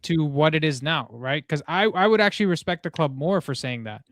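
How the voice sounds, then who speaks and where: A man's voice: a little high, no room sound, clean studio sound. Casual young man hosting a football stream. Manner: animated, talks fast, says "bro" and "like" a lot. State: tired from little sleep. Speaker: host of a live call-in football show. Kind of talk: casual live-stream chat.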